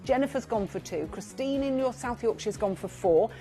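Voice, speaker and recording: A woman presenting live shopping TV, chatty and gushing as she reads out buyers' names, now and then clearing her throat. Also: on the high side, expressive, moderate pace, dark tone, faint music behind. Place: TV studio.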